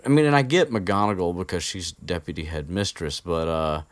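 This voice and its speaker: A man's voice: low-pitched, moderate pace, no echo. A man chatting casually as a podcast host recapping a book chapter, rambling with many fillers and restarts, swearing now and then. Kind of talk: casual unscripted chat. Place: indoor room with an air conditioner.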